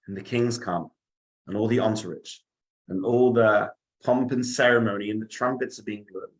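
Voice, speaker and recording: A man, a rabbi, telling a story in a dramatic, animated way, acting out the scenes. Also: fairly low pitch, normal speed, rough recording. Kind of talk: storytelling sermon.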